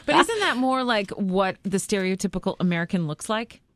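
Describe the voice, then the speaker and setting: A woman's voice: medium pitch, big pitch swings, brisk, no echo. A woman co-hosting a radio show, putting a curious question to the guest. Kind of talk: casual radio banter.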